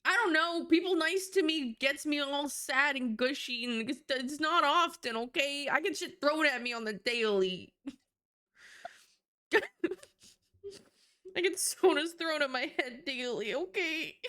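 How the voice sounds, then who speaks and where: A woman's voice: high voice, expressive, normal speed, few pauses, a bit bright. A woman streamer chatting casually on a live stream, emotional and tearing up, talking in a gushing way. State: tearful.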